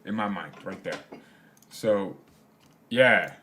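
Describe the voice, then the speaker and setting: A man's voice: low-pitched, slow, sharp tone, slight background noise. A young man hosting a casual fan livestream, rambling in slangy chat, laughing often and reading comments aloud. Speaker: fan channel host.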